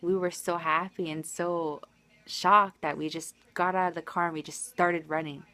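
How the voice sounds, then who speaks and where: Woman, lowish voice, casual live storytelling, emotional, rambling. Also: steady tone, moderate pace, sharp tone, dry recording. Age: adult, married. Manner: emotional, rambling retelling with restarts. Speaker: livestreamer.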